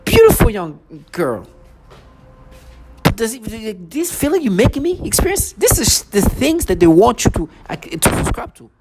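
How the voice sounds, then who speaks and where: Loud music plays behind this vlogger, whose extremely high, sing-song voice moves at a normal speed. Talking to camera, he rambles in an agitated way, repeating and restarting his phrases again and again.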